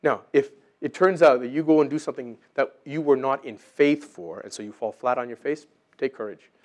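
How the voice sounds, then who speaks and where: A man preaching a sermon, animated and acting out voices in his Bible stories. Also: mid-range voice, fairly quick.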